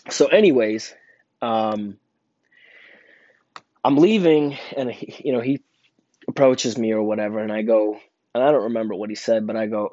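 A young store worker drifts through a casual work story, his speech full of fillers, restarts and long pauses. His voice is on the low side and dark-toned, at a normal speed. The recording is dull, lo-fi and dry, without echo.

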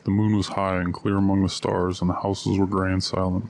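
Deep, flat-voiced man reading a story. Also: vocal fry. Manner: steady, measured narration. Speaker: narrator.

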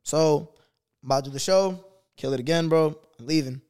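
A man's voice: on the high side, a little fast, a little mellow, clear, resonant tone. A young man from Boston, a singer and rapper, telling a story in casual slangy talk as a guest. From Boston, USA.

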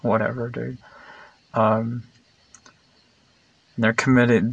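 A man's voice: mid-range voice, flat delivery, measured pace, creaky, pauses often, a bit bright. A man talking in a rambling opinion monologue, meandering and digressive, blunt and sarcastic, full of fillers and restarts. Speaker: vlogger.

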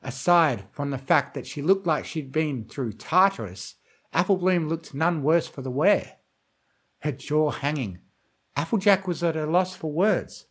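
Male reader for a dark fan fiction, a touch high, dramatic measured narration. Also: animated, husky, low-quality recording. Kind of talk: horror story narration.

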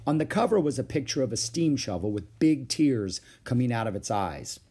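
Husky, expressive male storyteller. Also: medium pitch, normal speed. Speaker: storybook reader. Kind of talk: children's book read-aloud.

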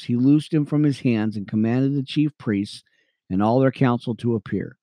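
A man teaching the Bible on radio, reading verses aloud between excited, chatty asides to his listeners. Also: medium pitch, no room sound. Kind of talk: reading scripture with commentary.

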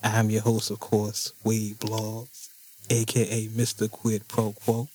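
A man's voice: lowish voice, monotone, takes it slowly, a little mellow, a little hiss or hum. A man hosting a podcast with playful, joking hype, bantering with his co-hosts. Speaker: podcast host.

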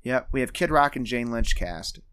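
A man co-hosting a casual podcast, recapping a cartoon movie and acting out the characters' lines with lively energy. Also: mid-range voice, moderate pace, clear, resonant tone. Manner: animated, acts out characters' lines while retelling. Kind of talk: casual chat.

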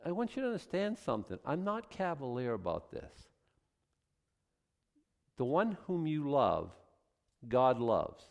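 A man's voice: mid-range voice, unhurried, creaky, long pauses. A middle-aged man preaching a sermon as pastor, acting out little voices and asides. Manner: animated, acts out voices of God and people.

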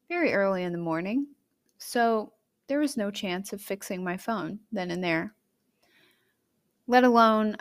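A young woman hosts her own podcast and tells a personal story straight to her listeners. She talks in a chatty, candid way, with sudden emotive swings in pitch and loudness. Her voice sits at an ordinary middle pitch for a woman. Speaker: podcast host.

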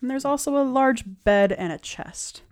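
A woman narrating a tabletop game as its game master. She describes rooms and sounds in detail and pauses often with fillers. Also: high-pitched.

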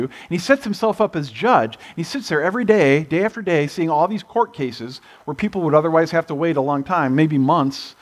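A man's voice: fairly high pitch, lively intonation, brisk, few pauses. A pastor preaching a sermon, retelling a story in a loose, conversational way and voicing the characters with "he's like".

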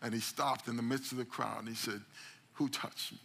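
A man preaching a sermon at a church service. His voice is bright and cutting, and he tells the story dramatically, acting out quoted lines with sudden loud bursts. He calls out to the congregation as he goes. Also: mid-range voice, flat delivery, fast talker, vocal fry. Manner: call-and-response phrases to the congregation. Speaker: pastor.

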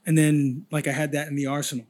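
A man's voice: on the high side, little pitch movement, quick pace, darkish tone. A man chatting on a podcast as a guest artist, telling rambling, profane stories. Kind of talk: casual chat.

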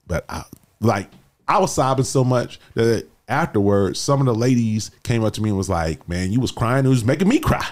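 A man telling his life story as a guest, casual and animated, often saying "bro" as he talks. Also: mid-range voice, moderate pace. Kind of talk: emotional personal storytelling.

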